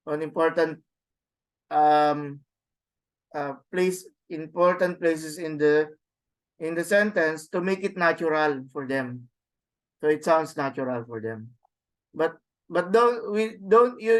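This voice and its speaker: A man teaching a Greek class online over a video call, explaining step by step with many restarts and fillers. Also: a little high.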